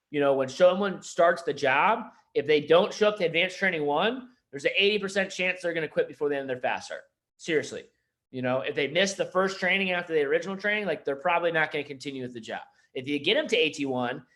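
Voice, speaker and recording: Energetic young man coaching sales managers. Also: on the high side. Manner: energetic, conversational, acts out phone calls. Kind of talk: casual training talk.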